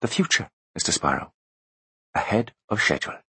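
A man's voice: fairly low pitch, very animated, normal speed, pushed and bright, husky, no room sound, voice pushed up, heavily acted. A man voicing a haughty, brilliant teenage boy in a storybook reading, speaking with cool, precise diction.

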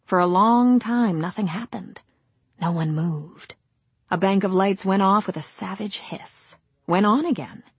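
Breathy female audiobook narrator, dry close recording. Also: mid-range voice, darkish tone, no echo.

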